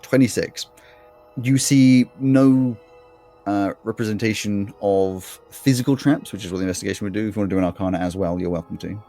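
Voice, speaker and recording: A man narrating as game master, easygoing and relaxed, with plenty of fillers. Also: on the low side, brisk, soft background music.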